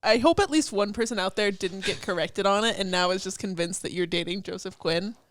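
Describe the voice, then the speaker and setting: A woman's voice: medium pitch, no room sound. A young American woman co-hosting a podcast, trading playful jokes in casual chat. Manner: joking, playful, quick banter. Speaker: podcast co-host.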